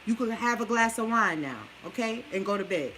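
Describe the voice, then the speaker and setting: Brisk and lively in intonation, this woman's fairly bright, highish voice carries a New Orleans accent as she shows off a meal plan at home. The casual cooking demo is sassy and preachy, spoken right to her viewers, and a little hiss or hum sits under it.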